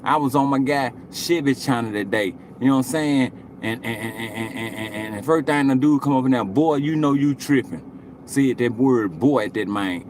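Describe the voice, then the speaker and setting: A man's voice: mid-range voice, normal speed, hardly any pauses, slight background noise. Rambling, profane man in his forties. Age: 40s. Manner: rambling, profane, repeats "you know what I'm saying". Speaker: live streamer. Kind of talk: casual live-stream chat to viewers.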